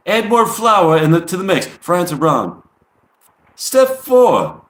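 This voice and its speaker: A man's voice: high-pitched, big pitch swings, slow, reverberant, voice pushed up, exaggerated voice. A man voicing a female rock singer in a put-on New York accent, reading out a recipe list in a raised voice. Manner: reads ingredient lists in a raised, sing-song put-on voice.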